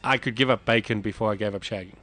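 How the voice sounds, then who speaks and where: A man's voice: on the low side, fairly even intonation, fast talker, fairly bright tone, no echo. Dry, wry hungover radio co-host man. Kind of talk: casual banter.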